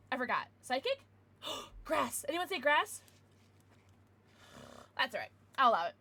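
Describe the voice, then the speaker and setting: A young woman streaming live, chatting casually as she opens trading cards, excitable and giggly with bursts of squealing. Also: sits high, measured pace, long pauses. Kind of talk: casual livestream chat while opening cards.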